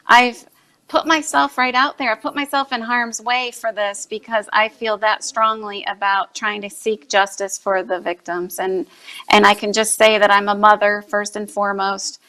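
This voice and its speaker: A woman and mother speaking as an interview guest about her fight against trafficking, earnest and forceful, repeating points for emphasis. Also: medium pitch, flat delivery, moderate pace. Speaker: guest, anti-trafficking activist. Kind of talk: impassioned interview answers.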